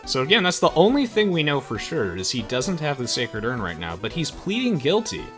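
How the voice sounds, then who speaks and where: A man's voice: a little high, huge pitch swings, a little fast, a bit bright, soft background music. Man doing a wry young defense lawyer.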